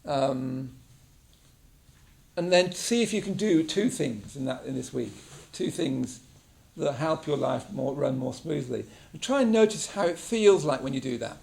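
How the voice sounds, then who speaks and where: Gravelly-voiced man teaching a class. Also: medium pitch, animated, measured pace, darkish tone. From England. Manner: conversational, checks in with frequent "yeah?". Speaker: meditation teacher. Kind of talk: casual teaching talk to a class. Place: meditation class room.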